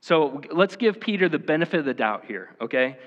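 A man's voice: fairly high pitch, very animated, fairly quick. A man preaching a casual, conversational sermon, full of "like" and "you know". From rural Iowa. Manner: casual and chatty, with many "like" and "you know" fillers. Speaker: pastor. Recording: echoey hall, slightly dull sound.

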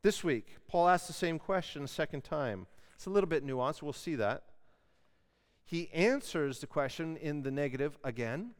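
A man's voice: on the high side, lively intonation, normal speed. A man preaching a sermon as pastor, earnest and pressing hard on key words. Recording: long hall reverb.

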